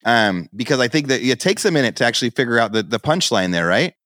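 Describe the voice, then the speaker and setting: A man's voice: medium pitch, expressive, quick pace, a bit bright, no room sound, clean studio sound. A middle-aged man co-hosting a podcast, chatting casually and telling stories that he acts out in quoted dialogue. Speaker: podcast co-host.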